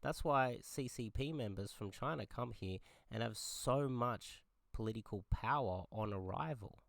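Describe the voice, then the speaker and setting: A man's voice: medium pitch, measured pace, gravelly, a bit bright, no echo, studio quality. An Australian man giving an angry political rant, heated, swearing and often repeating himself. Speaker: political commentator. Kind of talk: angry ranting monologue.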